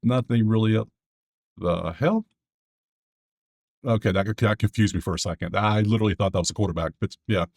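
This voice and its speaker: A man's voice: on the low side, gravelly, darkish tone. A man hosting his own sports betting video, talking loosely to himself as he clicks through stats. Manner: loose, chatty, talks to himself, quick asides. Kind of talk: casual solo commentary over a screen.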